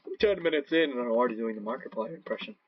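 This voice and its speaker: Swearing, yelling gamer on a laptop mic. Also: male voice, mid-range voice, expressive, rapid-fire, husky, no room sound, dull audio. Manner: profane, erratic outbursts and yelling; rambling self-talk. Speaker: gaming channel host. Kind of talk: gaming commentary.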